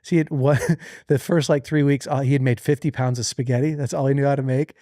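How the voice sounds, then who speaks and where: A man's voice: medium pitch, fairly quick, no room sound. A man in his forties hosts a podcast and tells a family story in easy, casual chat. His voice sits in the middle range, and he livens things up by acting out the people he quotes. The sound is dry and close. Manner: animated, acts out quoted voices. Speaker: podcast host.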